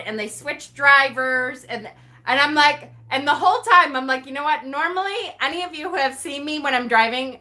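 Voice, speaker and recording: With a high-sitting voice, a woman vlogger narrates what happened during her day. Her delivery is easygoing and expressive, full of laughter and reenactments of how she reacted.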